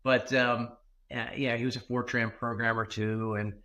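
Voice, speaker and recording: A man telling a story as a podcast guest, with an ordinary mid-pitched voice. He speaks in an animated way, with lots of fillers and restarts. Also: moderate pace. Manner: animated, with fillers and self-corrections. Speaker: guest, former tech executive.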